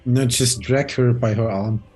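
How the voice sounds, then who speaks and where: A man's voice: medium pitch, steady tone, a little slow, a little mellow, breathy edge, faint music behind. A man playing in a tabletop role-playing game, talking casually and a bit hesitantly. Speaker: player. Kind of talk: casual chat.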